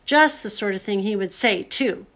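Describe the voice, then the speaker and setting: A woman's voice: mid-range voice, normal speed, fairly bright tone, natural voice. Loyal eldest brother, boyish and set on it, a bit choked, storybook, as a woman voices him. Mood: determined. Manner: determined, slightly choked.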